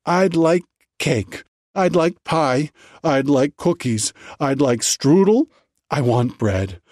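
A man voicing a hungry male rabbi who works himself into an excited, demanding rant. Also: medium pitch, slow pace, husky, dry recording, studio quality. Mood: frantic craving. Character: frantic hungry male rabbi, middle-aged.

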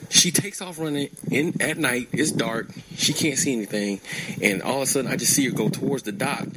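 A young man leaves a voicemail, telling a long story in a casual, rambling way and laughing at himself now and then. His voice is mid-range, with a noisy background.

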